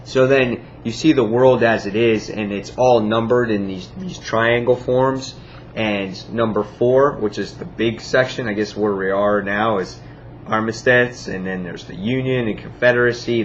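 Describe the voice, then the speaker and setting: A man's voice: fairly low pitch, steady tone, a little slow, dull audio, a little hiss or hum. A man giving a casual comic book review, enthusiastic and rambling, full of fillers and acted-out quotes.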